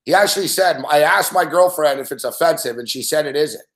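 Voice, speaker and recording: A little high, a little fast, and a bit bright, this man's voice carries a casual live-stream rant on his sports betting show. He curses, rambles, and laughs a lot, all in an echoey room.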